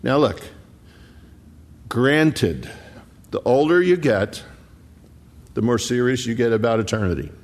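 A man preaching a sermon, explaining scripture conversationally and stressing key words with slow, emphatic pauses. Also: mid-range voice, expressive. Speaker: pastor.

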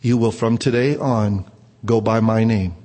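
A man voicing a calm, caring male schoolteacher, speaking slowly and steadily. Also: lowish voice, in a large hall, voice pushed down, natural voice. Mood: warm, steady.

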